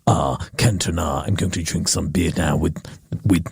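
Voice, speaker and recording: Man putting on a beer boss voice, low, gruff, husky, bossy, desperate. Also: normal speed, darkish tone, no echo, clean studio sound, exaggerated voice. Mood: scornful. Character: desperate blustering male beer company boss.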